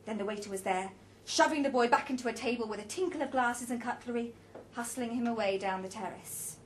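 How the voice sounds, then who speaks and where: A woman narrating a story in an even, measured reading voice. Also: fairly high pitch, a little hiss or hum. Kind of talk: audiobook narration.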